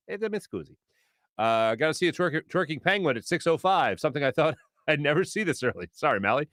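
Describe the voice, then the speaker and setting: Chatty man hosting a lively radio show. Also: on the high side, no room sound, clean studio sound. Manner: chatty, rambling, reads viewer comments aloud with quick asides. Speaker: sports radio host reading live chat. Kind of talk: casual morning show chat. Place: radio studio. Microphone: studio microphone.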